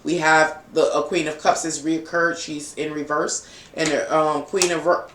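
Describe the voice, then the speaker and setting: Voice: mid-range voice, flat delivery, moderate pace. A tarot reader giving a casual, emotional reading to viewers, emphatic and rambling with many fillers. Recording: echoey room, voice far from the mic, faint noise.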